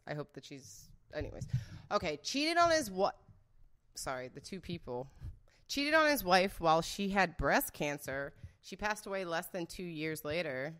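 A woman's voice: low voice, a bit bright. A woman chatting casually as a guest guessing celebrity scandals, blunt and rambling, swearing freely and laughing often. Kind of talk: casual unscripted chat.

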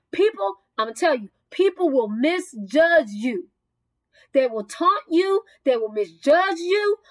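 A woman's voice: sits high, no echo, poor audio. A woman retelling a Bible story, exclaiming and firing off rhetorical questions between casual asides. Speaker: bible teacher. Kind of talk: lively bible story teaching.

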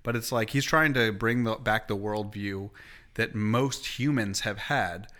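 Male co-host with a bright, sharp voice who explains with enthusiasm. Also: fairly low pitch, unhurried. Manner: eager, earnest explainer with many fillers. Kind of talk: casual chat.

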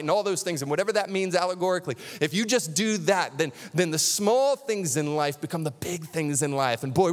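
A man preaching a sermon as pastor, animated and conversational, with touches of humor. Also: a little high, in a large hall.

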